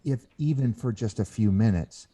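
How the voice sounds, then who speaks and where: A man's voice: fairly low pitch, mellow, breathy edge. A man, a guest author on a podcast, telling a story earnestly and often restarting his sentences. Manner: earnest storyteller who acts out quoted voices; halting, with frequent restarts. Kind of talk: podcast interview.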